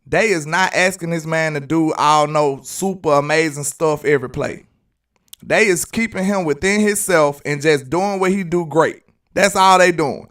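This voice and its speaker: A man's voice: a little high, normal speed, fairly bright tone, distant mic. A man with a Southern US accent hosting live sports commentary, arguing emphatically and repeating his points. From Alabama, US. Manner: argumentative and emphatic, repeats phrases. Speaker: sports channel host.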